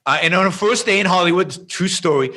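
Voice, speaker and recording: A middle-aged man, a podcast guest, telling a story in an emphatic, animated way. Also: high-pitched, a little fast.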